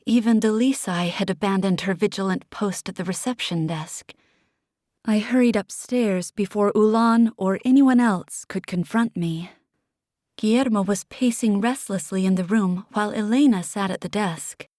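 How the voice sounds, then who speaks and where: A woman narrating a fantasy audiobook in the first person, with emotional, expressive storytelling. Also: mid-range voice, normal speed, no echo, clean studio sound.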